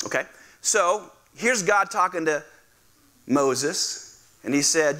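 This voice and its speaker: A male pastor preaching a lively sermon, acting out voices and calling on the congregation to respond. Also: fairly high pitch, takes it slowly, pauses often. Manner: animated, acts out quoted voices, asks the congregation to respond. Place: church sanctuary.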